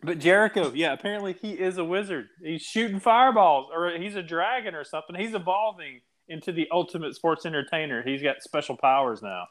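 A man co-hosting a casual wrestling talk show, animated and quick to laugh. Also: on the high side. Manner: animated, laughs often, repeats words. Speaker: podcast co-host.

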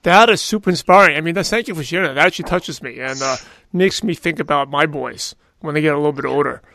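A man's voice: on the high side, fast talker, creaky, sharp tone, no echo. A man hosting an interview podcast, asking questions and responding with enthusiastic affirmation. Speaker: podcast host.

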